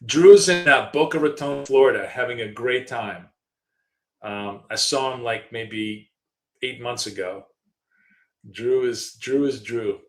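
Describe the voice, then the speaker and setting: A man's voice: medium pitch, takes it slowly. Chatty middle-aged man, echoey room. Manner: chatty storyteller, frequent fillers and restarts. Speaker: trading show co-host. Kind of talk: casual live trading chat.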